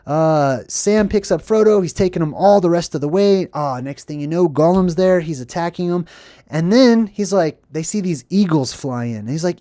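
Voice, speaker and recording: A livestream host retelling a film to live chat in a casual, upbeat way, often asking 'right?' and slipping into quick acted quotes. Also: mid-range voice, dark tone, dry recording, clean studio sound.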